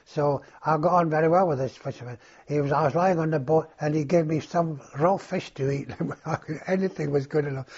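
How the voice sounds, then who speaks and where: An older man being interviewed, telling his own story in a halting, reflective way, on a dull lo-fi recording. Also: fairly high pitch, a little mellow, slightly rough. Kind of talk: oral history recollection.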